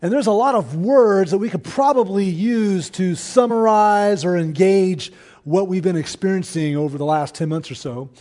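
Pastor guy preaching, pretty high voice, talks earnest and chatty, stops to let stuff sink in. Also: mellow. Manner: earnest, conversational preaching with pauses. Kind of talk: sermon.

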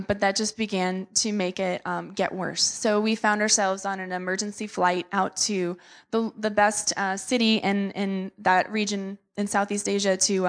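Earnest young woman with a gravelly edge. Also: mid-range voice. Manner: earnest, emotional, many fillers. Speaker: missionary speaker. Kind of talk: testimony talk to a church.

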